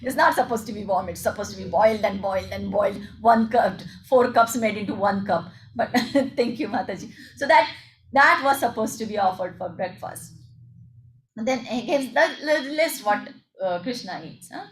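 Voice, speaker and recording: A woman at a temple telling a devotional story in an animated way, acting out what the characters say. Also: medium pitch, moderate pace. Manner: animated, acts out the characters' lines. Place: temple hall. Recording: echoey hall.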